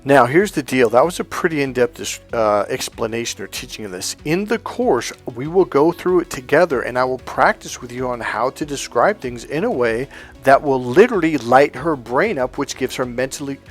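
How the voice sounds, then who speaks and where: A middle-aged man teaching dating advice in a casual, blunt way, swearing often and telling animated stories. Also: medium pitch, moderate pace, soft background music. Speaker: dating coach. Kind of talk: casual spoken lesson.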